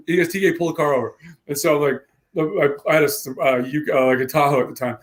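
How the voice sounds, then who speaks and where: A man co-hosting a casual tech podcast, telling a long story with lively acted-out quotes and frequent laughs. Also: a little high, rapid-fire, slight background noise. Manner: animated storyteller, acts out quotes, laughs often. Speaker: podcast co-host.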